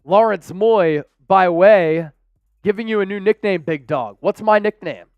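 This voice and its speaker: Young guy hosting a live game stream, high voice, dry sound, excited calls and chat shout-outs. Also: measured pace, clean tone, dry recording, lo-fi sound, faint music behind. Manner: energetic, breaks into excited shouts and chants.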